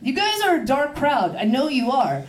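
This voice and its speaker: A woman from Baltimore doing a loose, conversational stand-up set with deadpan punchlines. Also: sits high, moderate pace. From Baltimore, USA. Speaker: stand-up comedian. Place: comedy club stage. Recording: roomy club sound from a distance.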